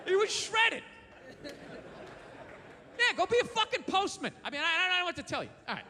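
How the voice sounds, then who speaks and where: A male comedian rants in a high, sharp voice, blunt and profane with a sarcastic edge. He is recorded on stage through a handheld mic, and the big hall gives his voice a long reverb with a faint murmur behind it. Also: sing-song, moderate pace, pauses often, a little hiss or hum. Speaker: stand-up comedian. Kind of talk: stand-up comedy set.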